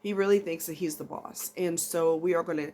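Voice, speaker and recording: A woman's voice: fairly low pitch, fairly even intonation, brisk, a little mellow, slight background noise. A woman chatting casually to camera in a rambling, emotional vlog. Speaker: vlogger.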